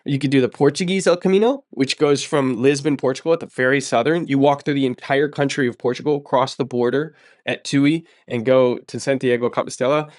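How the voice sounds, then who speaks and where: A man's voice: mid-range voice, steady tone, brisk, few pauses, a little mellow, dry recording, clean studio sound. A man telling a travel story in a casual interview, emphatic and enthusiastic, often repeating words for stress. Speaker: podcast host sharing his story.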